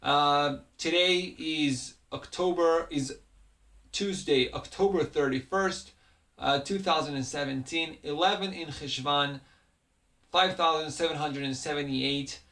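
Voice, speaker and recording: A man's voice: on the high side, unhurried, fairly bright tone. A man whose first language is Hebrew, teaching a recorded language lesson and going through words one by one in a patient, methodical way, with the odd "uh" filler. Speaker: Hebrew instructor.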